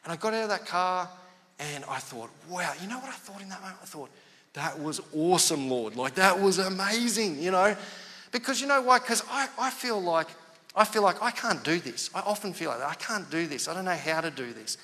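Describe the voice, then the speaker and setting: A man's voice: sits high, brisk, big-room sound. A male pastor, telling a story in a conversational sermon and acting out the dialogue. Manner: animated, conversational, acts out quoted dialogue.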